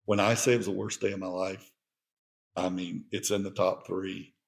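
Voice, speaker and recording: A man's voice: low-pitched, flat delivery, moderate pace, vocal fry. A middle-aged man hosting a podcast, talking in an earnest, heartfelt monologue. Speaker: podcast host.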